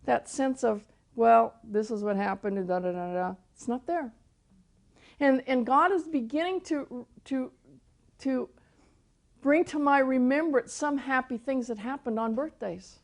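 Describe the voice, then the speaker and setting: An older woman teaching through personal testimony, soft-spoken and storytelling, often repeating words as she gathers her thoughts. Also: high-pitched, unhurried. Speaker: Christian teacher and author.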